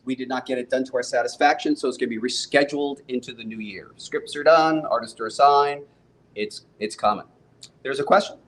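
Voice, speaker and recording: A man's voice: mid-range voice, a little fast, a bit bright. A man hosting a casual live-stream chat, upbeat and chatty. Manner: upbeat, chatty, laughs often. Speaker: host and comic book publisher. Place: studio set with a bar. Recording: echoey room.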